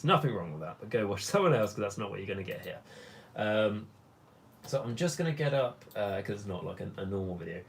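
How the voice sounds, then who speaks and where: A young man hosts a casual hobby live stream and talks in a loose, rambling way. His voice sits at an ordinary middle pitch, and he fills his speech with ums and asides as he answers the chat. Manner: rambling, chatty, many fillers.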